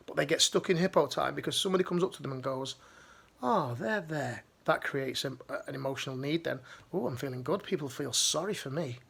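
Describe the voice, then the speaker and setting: A man's voice: on the high side, vocal fry. A man giving a motivational life-coaching talk to camera, emphatic and direct, repeating his key phrases.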